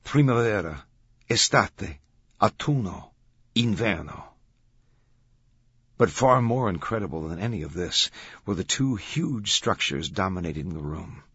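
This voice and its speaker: A man narrates an audiobook in a measured, dramatic way. His voice is very low and strongly husky. The recording is dry and slightly dull. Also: animated, fairly bright tone, dry recording. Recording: dull, dry studio sound.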